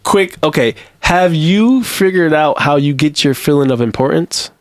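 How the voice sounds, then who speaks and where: Man host, higher-voiced, relaxed and jokey, asking questions. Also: moderate pace. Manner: easygoing, joking, asks questions. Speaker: podcast host. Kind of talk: casual interview.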